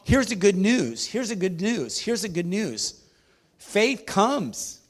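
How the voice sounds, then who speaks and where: A man's voice: high-pitched, sing-song, slow. A man preaching a sermon as pastor, emphatic, calling for responses from the congregation.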